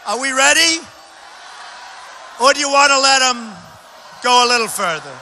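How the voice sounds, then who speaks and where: A man from New York giving a campaign rally speech in a large arena, speaking loudly in short, repeated phrases into a podium microphone. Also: expressive, moderate pace, a little hiss or hum. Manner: loud, repetitive short phrases to a crowd. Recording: booming echo of a big arena.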